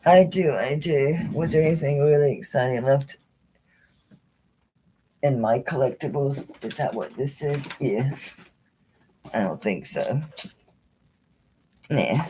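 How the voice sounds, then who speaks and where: A woman's voice: rumbling low, slow pace, long pauses, slight background noise. A woman running a live jewelry auction stream, chatting casually and showing pieces as she talks, sounding a little tired and swearing mildly now and then. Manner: chatty and salty, with frequent mild swearing; animated, talking while handling and showing items. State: tired and yawning late in the stream.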